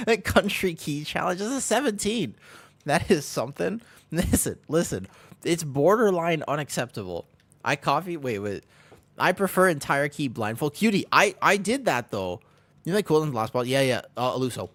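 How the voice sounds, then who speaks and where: A man's voice: on the high side, big pitch swings, moderate pace, fairly bright tone, dry recording. Upbeat Midwestern man streaming games. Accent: American Midwestern. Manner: upbeat, joking, often laughing, chatting with viewers. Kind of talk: casual live-stream chat while gaming.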